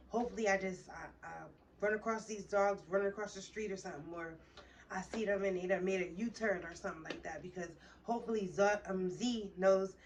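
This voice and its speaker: Profane young woman telling a story. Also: mid-range voice. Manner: heated, profane, rambling retelling. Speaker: vlogger. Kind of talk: casual storytime. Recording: distant mic with faint background noise.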